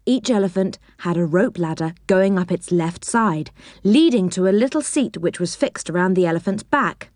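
A woman narrates a children's storybook with animated, expressive delivery. Her pitch moves freely through each sentence. The sound is close and dry. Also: moderate pace, dry recording.

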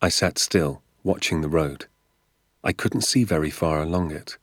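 Male narrator, storybook reading, deep voice, unhurried and expressive, dry close sound. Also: dry recording. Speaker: audiobook narrator.

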